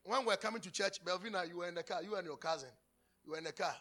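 A man, preaching a sermon as pastor, animated, acting out anecdotes and laughing often. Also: high voice, racing. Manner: animated, switching between teaching and acted-out anecdotes, laughing often.

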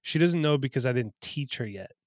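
A man's voice: medium pitch, lively intonation, fairly quick, no room sound. A man from eastern Pennsylvania co-hosting a parenting podcast, telling stories in casual chat with a wry, dry humor. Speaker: podcast co-host.

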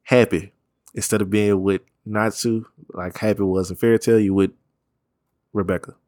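A man with a very low voice chats loosely and rambles through his points, dropping slang and curses along the way. He laughs easily. The sound is dry and close, with no room echo. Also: steady tone, normal speed, darkish tone. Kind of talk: casual chat.

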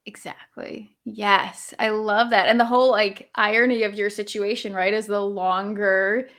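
A woman's voice: medium pitch, level tone, measured pace. Woman, mid-range voice, conversational coach, reflective, laughs often. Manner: warm, reflective, laughs easily, many fillers. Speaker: guest coach. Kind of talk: casual conversational interview.

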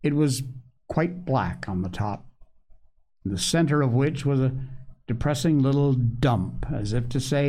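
A narrator giving an expressive read-aloud of an old-fashioned children's storybook. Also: mid-range voice, measured pace.

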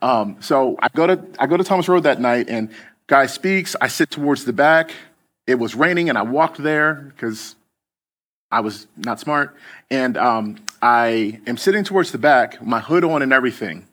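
A man preaching in a relaxed, conversational way, telling a story from the pulpit. He talks loosely, full of fillers and restarts, at an ordinary pitch. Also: moderate pace. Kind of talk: casual storytelling sermon.

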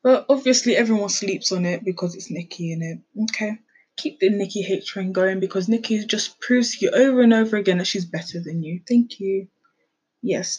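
A woman's voice: mid-range voice, a little mellow, breathy edge, poor audio. A young woman chatting casually as a podcast host, sassy and opinionated. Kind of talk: casual reaction chat.

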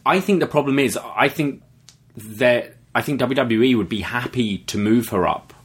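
A man's voice: medium pitch, moderate pace, slightly rough. A man co-hosting a podcast, giving his opinions on wrestling storylines in a casual, thinking-aloud way. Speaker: podcast co-host.

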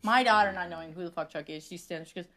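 A woman's voice: on the low side, rapid-fire, a bit bright. A woman hosting a podcast in casual chat, telling stories with lots of swearing and laughter. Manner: profane, laughing storyteller. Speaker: podcast host.

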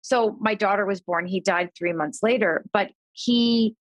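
A woman's voice: mid-range voice, moderate pace, no room sound. A middle-aged woman, a podcast guest, telling a personal story in casual conversation and acting out the voices of people in it. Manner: animated storyteller, voices quoted family members.

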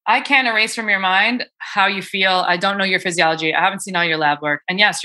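Chatty woman coach, bright voice. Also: lowish voice. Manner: chatty, many fillers and restarts. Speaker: cold exposure coach. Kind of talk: casual podcast conversation.

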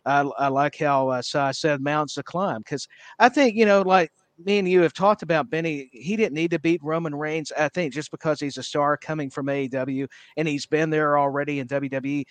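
A man's voice: on the high side, normal speed, no echo. A man co-hosting a wrestling podcast, talking at length with enthusiasm, full of fillers and repeated words. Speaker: podcast co-host. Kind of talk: casual wrestling chat.

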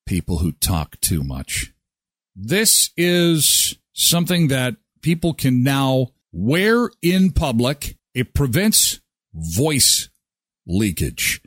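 A man's voice: medium pitch, no room sound. A man hosting a daily morning show, chatting casually and telling jokey stories. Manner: chatty, jokey, animated storytelling. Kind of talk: casual radio show chat.

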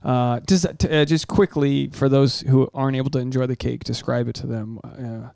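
A man in his thirties co-hosting a podcast in casual chat, an animated storyteller who swears freely and acts out quotes. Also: medium pitch, normal speed, vocal fry, no echo, studio quality. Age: 30s. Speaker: podcast co-host. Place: home.

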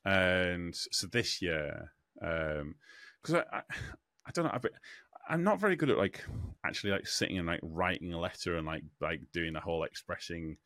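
Rambling young man, deep but lively. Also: no room sound, studio quality. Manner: rambling, halting with many fillers. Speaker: podcast co-host. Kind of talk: casual chat.

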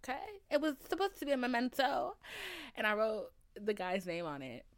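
A woman's voice: a little high, moderate pace. A young woman in her twenties, a podcast host telling casual stories with lots of swearing and laughter. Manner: animated, swearing, laughing often. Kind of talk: casual storytelling.

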